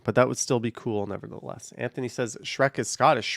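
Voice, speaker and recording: A man hosts a casual livestream from behind the wheel, reading viewer comments and answering in an offhand, rambling way. His voice has a gravelly edge and sits at an ordinary male pitch. The sound is dry, as if picked up inside a car. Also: steady tone, brisk, hardly any pauses, fairly bright tone, no room sound. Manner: offhand, rambling, hedges with "I don't know". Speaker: livestream host. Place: in a car while driving on a highway. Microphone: camera on a car mount.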